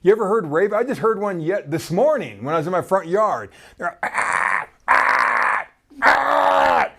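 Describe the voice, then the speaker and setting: A man preaching a sermon in an animated way, asking his listeners questions and laughing between points. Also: high voice, brisk.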